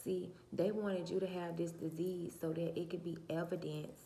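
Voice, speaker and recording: A soft-spoken woman with a low, gravelly, cracking voice, mellow and fry-edged, delivers a preachy vlog monologue, firing rhetorical questions at viewers in a flat tone at moderate pace. The channel host records on a phone or camera mic, her own mic uncharged, in a roomy space with faint background noise.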